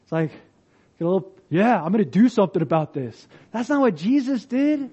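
Animated high-voiced pastor preaching. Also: male voice, moderate pace, slightly rough, muffled recording. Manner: animated storytelling, acts out quoted voices. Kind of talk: sermon.

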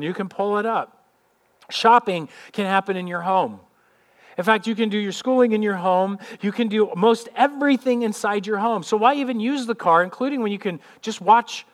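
A middle-aged pastor delivers a sermon in a fairly high voice. He talks to the congregation in an easy, conversational way and leans on rhetorical questions.

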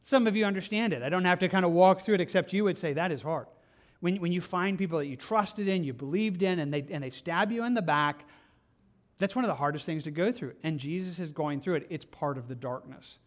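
A man with a high voice delivers a sermon from the pulpit. He speaks earnestly and conversationally, circling back and restarting phrases as he talks to his congregation. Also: a little fast. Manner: earnest, conversational preaching with repeated words and restarts. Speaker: pastor.

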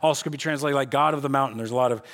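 A pastor giving a casual, conversational sermon in a church, animated and shifting between loud emphasis and quiet asides. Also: male voice, medium pitch, racing. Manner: casual, conversational preaching with slang.

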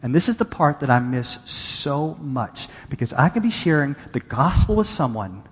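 A man's voice: a little high, expressive, normal speed, slightly rough. Man preaching in a reverberant hall. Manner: conversational preaching, quoting scripture with emphasis. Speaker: pastor. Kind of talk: sermon.

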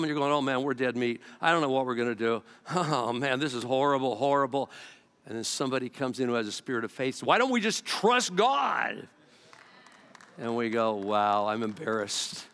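Brief: male pastor, somewhat high voice, lively storyteller, big echoing hall. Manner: animated storytelling, acting out quotes in varied voices. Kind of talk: sermon. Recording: long hall reverb.

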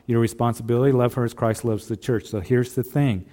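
A man preaches an earnest sermon in a mellow, dark voice at a middling pitch. He talks straight to the husbands, circling back and repeating his phrases as he goes. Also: steady tone, a little fast. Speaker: pastor.

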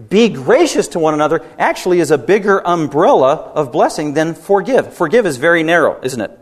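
A man preaching a sermon as pastor, emphatic, rising to loud peaks and dropping low, with rhetorical questions to the congregation. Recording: long hall reverb.

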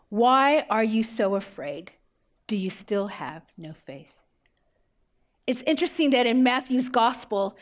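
A middle-aged woman pastor preaches a sermon in a voice on the high side, telling the story through everyday examples and rhetorical questions.

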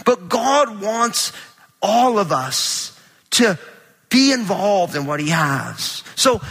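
Animated pastor preaching in a reverberant hall. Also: male voice, high-pitched, takes it slowly, creaky, slightly rough. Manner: animated, conversational, tells anecdotes with quoted dialogue. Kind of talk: sermon. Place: large church auditorium.

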